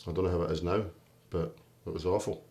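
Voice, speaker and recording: A man's voice: low-pitched, steady tone, quick pace, a little mellow. A man, interviewed in a documentary, telling his own story in a candid, plain-spoken way. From Britain. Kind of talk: personal storytelling.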